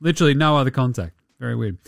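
Sarcastic, swearing Australian man, lively pitch. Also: racing, gravelly, no room sound, clean studio sound. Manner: profane, sarcastic, mocking impressions. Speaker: podcast host. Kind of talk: casual sports chat.

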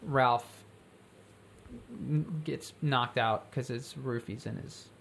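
Rambling, animated story-pitching speaker. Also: takes it slowly, gravelly, a little hiss or hum. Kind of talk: casual brainstorming chat.

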